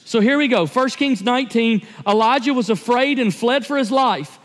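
Male pastor, sermon delivery, earnest and confessional, higher voice, long hall echo. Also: moderate pace. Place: church sanctuary.

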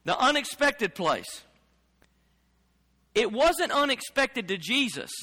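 A man preaching in a church sanctuary, his voice very high and ringing bright. He speaks emphatically, repeating his phrases as he builds each point. The sound carries a long reverb from the hall. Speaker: pastor. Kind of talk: sermon.

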